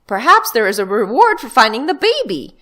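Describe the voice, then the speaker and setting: A woman's voice: fairly high pitch, sing-song, a little fast, sharp tone, voice pushed up. A woman voicing an eager, scheming boy twin who throws out suggestions.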